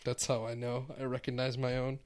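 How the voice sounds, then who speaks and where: A man's voice: mid-range voice, completely flat delivery, brisk, clear, resonant tone, dry recording. Joking man, dry close sound. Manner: joking, teasing banter. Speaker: podcast co-host. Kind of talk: casual chat.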